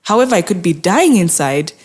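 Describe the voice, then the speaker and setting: A woman's voice: on the low side, big pitch swings, brisk, slightly rough. A woman mental health therapist speaking as an interview guest, earnest and encouraging, often acting out people's inner thoughts. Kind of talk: conversational interview.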